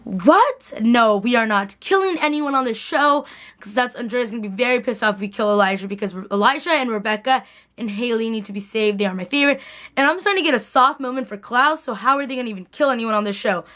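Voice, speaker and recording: A woman's voice: a little high, quick pace, fairly bright tone. A young woman recapping a TV episode in a casual vlog, gushing like a fan and saying "like" often. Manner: gushing fangirl chatter, lots of "like". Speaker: TV recap vlogger.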